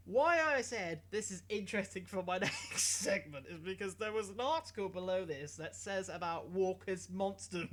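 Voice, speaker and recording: Young male vlogger, giggly and self-mocking, animated sing-song delivery. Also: sits high. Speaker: YouTube host. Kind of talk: comic news vlog, rambling monologue.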